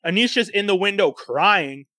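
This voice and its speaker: A man casually retelling a show's plot to friends, animated and profane, breaking into laughter. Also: high-pitched, normal speed, no echo. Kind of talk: casual storytelling recap.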